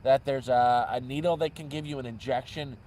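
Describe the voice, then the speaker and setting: A man's voice: mid-range voice, fairly even intonation, brisk, a little mellow, a little hiss or hum, poor audio. A man vlogging from an outdoor camp at night, telling rambling stories and often correcting himself mid-sentence. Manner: rambling, self-correcting storyteller. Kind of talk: casual storytelling livestream.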